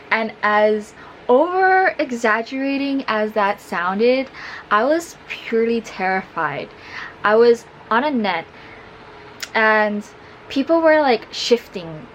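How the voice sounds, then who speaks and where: A woman's voice: mid-range voice, a little slow, fairly bright tone, slight background noise, rough recording. A woman vlogger telling a personal story in a casual, chatty way, with many fillers.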